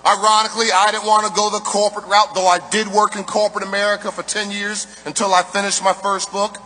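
High, bright-voiced man preaching success. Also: little pitch movement, quick pace, slight background noise. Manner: rhythmic, emphatic oratory with a repeated refrain. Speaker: motivational speaker. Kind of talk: live motivational speech. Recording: reverberant hall, faint music.

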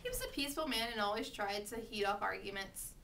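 A woman reading a children's storybook aloud with steady, expressive narration. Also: medium pitch, fast, vocal fry, recorded from a distance, a little hiss or hum. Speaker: reader.

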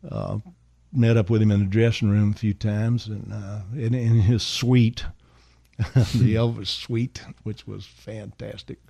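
A man's voice: on the low side, flat delivery, unhurried, gravelly, dark tone, dry recording. An older man, a songwriter, telling a rambling anecdote on a radio show in an easygoing way, full of fillers and "man". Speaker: songwriter and guest. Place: radio studio.

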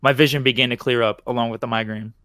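A man reading a horror short story aloud on his podcast. His voice is mid-pitched and picked up close on a dry mic. He sometimes trips over words and starts again. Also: fairly even intonation, fast talker, a bit bright, no room sound. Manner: stumbles and restarts, laughing at slips. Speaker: podcast host.

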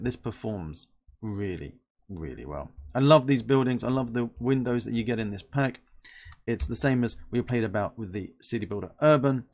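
A man's voice: medium pitch, moderate pace, darkish tone. A man from London giving a chatty, playful asset review and thinking aloud as he works. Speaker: host reviewing game assets. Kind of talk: casual screen-recording review.

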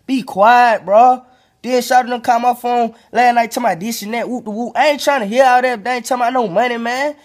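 A man's voice: very high voice, fairly even intonation, quick pace, hardly any pauses. A young man with an Atlanta accent telling a rambling, slangy story in a comedic skit.

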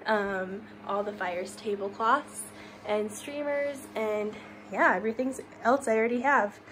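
A woman's voice: fairly high pitch, measured pace, fairly bright tone, a little hiss or hum. Chatty woman on a home tour vlog. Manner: chatty, laughs often, drops to a whisper in a spooky room. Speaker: vlogger giving a home tour. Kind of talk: casual walkthrough vlog. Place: rooms of a home basement.

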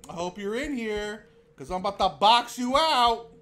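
A young man giving excitable live commentary while he plays a game, laughing and shouting as he reacts. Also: high-pitched, normal speed, a little hiss or hum. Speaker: streamer.

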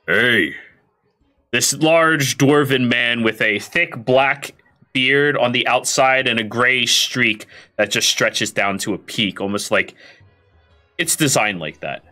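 A man narrating as game master of a tabletop game, describing scenes in an animated way. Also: mid-range voice.

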